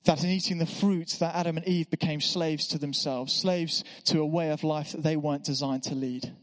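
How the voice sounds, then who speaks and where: A man's voice: a little high, steady tone, moderate pace. A man preaching a sermon in a church, conversational with self-deprecating asides. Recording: echoey church hall.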